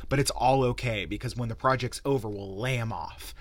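A man's voice: medium pitch, brisk, no room sound. A man hosting a solo gaming podcast, ranting heatedly and swearing a lot into a close mic. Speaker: podcast host.

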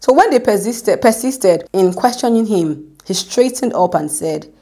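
A woman's voice: medium pitch, lively intonation, a little slow, dark tone. A young woman giving an informal devotional talk. She speaks in a chatty way, often asks "do you get me?", and acts out the voices she quotes. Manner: conversational, repeats "do you get me?"; acts out quotes, drops to a whisper for prayers. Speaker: Christian speaker.

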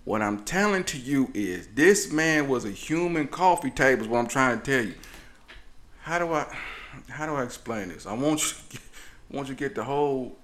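Animated, rambling male podcast comic. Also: mid-range voice, normal speed. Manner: animated, rambling, laughs often. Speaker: podcast co-host. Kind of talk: comedic podcast storytelling.

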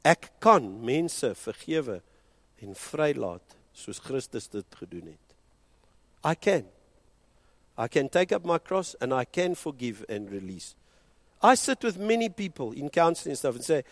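A South African man preaching a sermon as pastor, impassioned and moving between hushed and loud delivery, switching between English and Afrikaans. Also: fairly high pitch, sing-song, takes it slowly, pauses often, dry recording.

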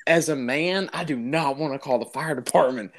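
Animated man telling a story. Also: fairly high pitch, normal speed. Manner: animated, laughs while telling story, says dude. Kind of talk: casual chat.

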